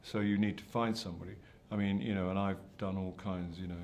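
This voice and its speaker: A man's voice: sits low, steady tone, fast talker, darkish tone, a little hiss or hum. An older man, an actor answering interview questions in a hesitant, self-deprecating way with many restarts. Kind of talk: press junket interview.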